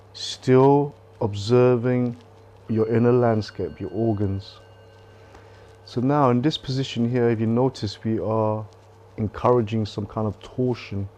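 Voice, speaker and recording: A man leading a qigong class, calmly coaching breathing and movement with gentle repetition, on a close mic while he moves. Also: on the low side, slight background noise. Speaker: qigong instructor. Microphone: close clip-on mic while moving.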